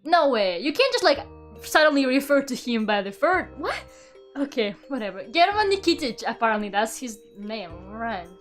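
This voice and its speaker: A young woman from Russia with a bright, high voice reads a book aloud on stream, breaking off to react to her chat. She sounds incredulous, swears casually and laughs a lot, with soft music playing faintly underneath. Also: lively intonation, moderate pace. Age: young adult. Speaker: VTuber streamer. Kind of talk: reading aloud and chatting with viewers.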